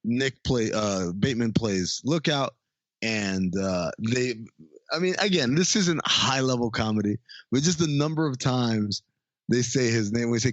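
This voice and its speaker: A man's voice: mid-range voice, lively intonation, a little slow, dry recording, highs cut off. A man co-hosting a podcast, retelling a movie in a casual, profane way and laughing as he goes. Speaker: podcast co-host. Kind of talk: casual movie recap chat.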